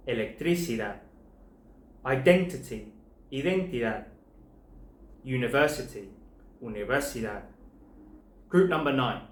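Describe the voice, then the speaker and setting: A man teaching a language lesson, spelling out word endings letter by letter and pairing each word with its translation in a clear, measured way. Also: mid-range voice, roomy sound. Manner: clear, slow spelling-out of letters and paired words. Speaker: Spanish teacher.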